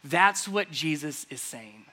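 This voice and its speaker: A man delivers a sermon, walking through a scripture passage in a conversational, explaining way. His voice sits high and sounds bright and forceful. He keeps asking the listeners rhetorical questions. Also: expressive, slow. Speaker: pastor.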